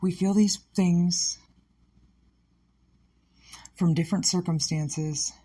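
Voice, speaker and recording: Speaking slowly in a fairly low, steady voice that's warm but slightly rough, a woman comedian opens up on her own show. She's upset, and her personal monologue about a painful subject comes out candid, emotional, scattered and sometimes sarcastic.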